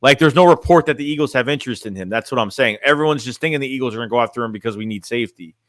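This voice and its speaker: Racing along in a slightly bright mid-range voice, this sports fan streamer chats casually, reads the chat, and talks bluntly. He rambles and restarts his phrases, and the recording is dry and studio quality.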